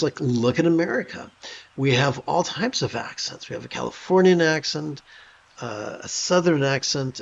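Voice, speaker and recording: A calm man giving a meditation talk on a livestream, with a gravelly edge to his voice. He speaks thoughtfully and stops at times to rephrase. The sound is dull and lo-fi. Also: mid-range voice. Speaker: meditation teacher.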